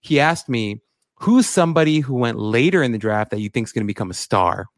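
A man co-hosting a sports podcast, talking in an excitable, rambling way with lots of "like" and "bro". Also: medium pitch, fairly quick, no echo, studio quality. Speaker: podcast co-host. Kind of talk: casual sports podcast chat.

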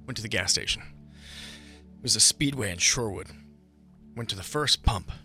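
A man co-hosting a morning radio show, telling a story in an animated way and acting out his own shouting. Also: lowish voice, normal speed, faint music behind. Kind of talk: casual radio banter.

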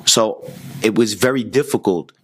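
Earnest low-voiced man giving a motivational talk. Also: normal speed, slightly rough. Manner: earnest, repeats key lines for emphasis; occasional stumbles and restarts. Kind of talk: motivational monologue.

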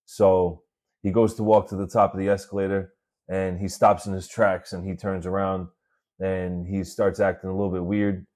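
A man's voice: deep voice, little pitch movement, moderate pace, a little mellow. A man hosting his own podcast, telling stories from his work week in a laid-back, chatty way and swearing freely. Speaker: podcast host. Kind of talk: casual storytelling monologue. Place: working in New York City.

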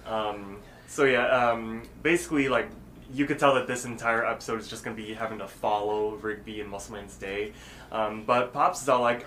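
A man co-hosting a casual podcast, with a middle-pitched voice. He recaps in a loose, rambling way, full of ums and likes. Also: moderate pace, a bit bright, slight background noise. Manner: rambling, filler-heavy storytelling. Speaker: podcast co-host. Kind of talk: casual episode recap chat.

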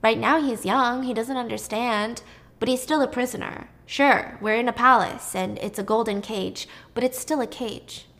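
A woman voicing a gentle, weary craftsman and single father who talks in a quiet, confiding way. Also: on the high side, fairly even intonation, normal speed. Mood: resigned.

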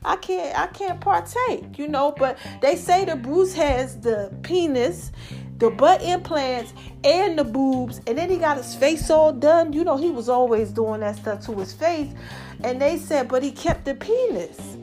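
Female podcast host, high voice, loose and chatty, frequent laughter, faint music bed under her. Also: unhurried. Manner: chatty and animated, laughs often, calls listeners y'all and baby. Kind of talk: casual monologue to listeners.

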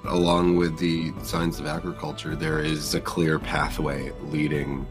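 A man playing a tabletop game, expressive and quick to exclaim. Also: a bass voice, music in the background. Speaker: player.

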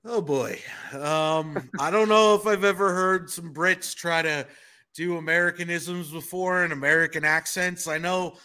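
Bright-voiced man co-hosting a chatty podcast. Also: a little high, fairly even intonation, a little slow. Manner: chatty, joking, self-deprecating. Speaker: podcast co-host. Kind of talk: casual podcast chat.

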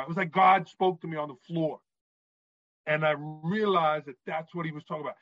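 A man from New York, a guest and author, telling animated stories in an interview and often asking "right?". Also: high voice, normal speed, dry recording, highs cut off. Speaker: guest, author and former referee. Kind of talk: storytelling in a podcast interview.

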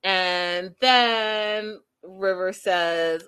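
A young woman chatting casually as she recaps a reality show, gossipy and animated, often laughing and talking straight to her viewers. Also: mid-range voice, drawn-out words, long pauses, clear, resonant tone.

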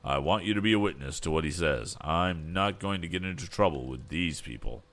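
A man reading an audiobook, voicing an aged, cautious male inventor who speaks slowly and gravely. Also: deep voice, expressive, a bit bright.

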